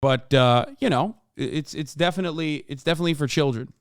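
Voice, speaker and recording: A man's voice: on the high side, fast talker, clean tone, no echo, clean studio sound. A man in his thirties streaming casual reaction commentary, rambling with many fillers and restarts, swearing and now and then bursting out in exasperation. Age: 30s.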